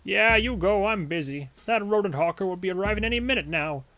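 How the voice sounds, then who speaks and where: Brief: a man doing a griping, stingy news seller, nasal whine pitched high. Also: expressive, brisk, bright, forceful tone, slight background noise, exaggerated voice. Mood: grumbling. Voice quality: whiny, complaining. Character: grumpy male newspaper vendor, penny-pinching and bitter.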